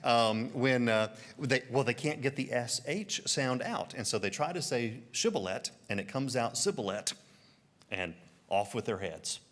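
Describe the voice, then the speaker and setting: A man's voice: mid-range voice, moderate pace. A man with a Southern American accent preaching a sermon, telling stories and putting on voices for quotes. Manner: storytelling, animated, puts on voices for quotes. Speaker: pastor.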